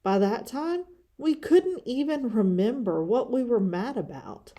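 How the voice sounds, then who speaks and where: A woman reads a wise young girl bear cub from a picture book. She is gentle and coaxing, with a low, mellow tone. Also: animated, measured pace.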